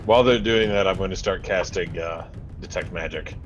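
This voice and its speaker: A man playing a tabletop game, breaking in with quick, lively questions. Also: deep voice, highs cut off, faint music behind. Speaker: player. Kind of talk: casual tabletop play chat.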